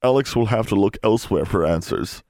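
A man's voice: fairly low pitch, lively intonation, a little fast, darkish tone, dry recording, clean studio sound. A man voicing a young male elf who pleads earnestly in broken grammar. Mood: pleading.

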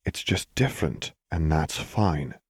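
A man doing a soft, soothing young woman. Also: extremely low pitch, lively intonation, measured pace, slightly rough, no room sound, studio quality, full character voice. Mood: gentle. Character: gentle, reassuring young woman, steady lover.

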